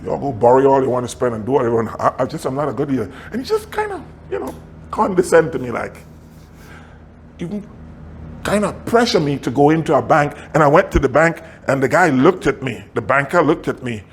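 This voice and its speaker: A middle-aged man pastor preaching a storytelling sermon with big leaps in pitch and chuckles as he talks. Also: brisk, slight background noise. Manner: animated preaching with sudden high pitch swings; chuckles while telling stories.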